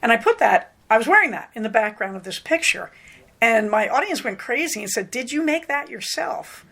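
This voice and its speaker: A middle-aged woman hosting her podcast alone. Her voice sits a little high, and she rambles in a casual, self-deprecating way. She often stops to add a filler before she goes on. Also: big pitch swings, brisk, sharp tone. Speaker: podcast host.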